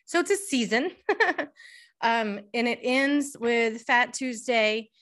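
A middle-aged woman, a podcast co-host in casual chat, telling an animated story, swearing freely and restarting often. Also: on the high side, takes it slowly.

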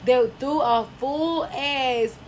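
A woman's voice: high-pitched, slow pace, slight background noise. A woman co-hosting a casual podcast chat, outspoken, crude and emphatic. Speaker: podcast co-host.

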